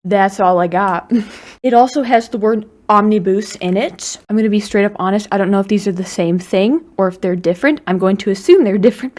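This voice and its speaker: A woman YouTuber chatting casually to camera at home, bubbly and excitable, with playful asides as she unboxes. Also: medium pitch. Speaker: YouTuber unboxing fan mail. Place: at home in her apartment.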